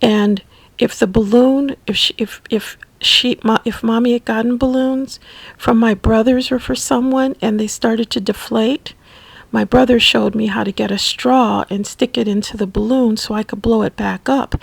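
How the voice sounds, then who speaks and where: A woman telling a personal memoir story, slow and halting, at times dropping to a soft whisper. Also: fairly high pitch, fairly even intonation, vocal fry, breathy edge, no echo, low-quality recording. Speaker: memoir narrator.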